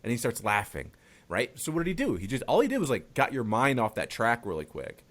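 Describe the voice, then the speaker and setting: A man's voice: mid-range voice, huge pitch swings, fairly quick, a bit bright. A man hosting a podcast, talking casually and loosely, swearing now and then and laughing easily. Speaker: podcast host. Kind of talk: casual interview chat.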